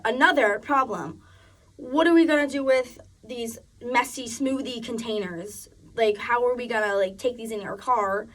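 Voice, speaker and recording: A woman's voice: on the high side, fairly bright tone, far from the mic. Chatty young woman telling a story. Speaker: student speaker. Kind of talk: personal narrative speech.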